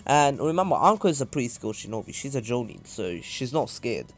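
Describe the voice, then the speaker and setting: A man's voice: mid-range voice, very animated, brisk. A man casually improvising a fan story, rambling with many fillers and asides. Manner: rambling, full of "uh" and "anywho".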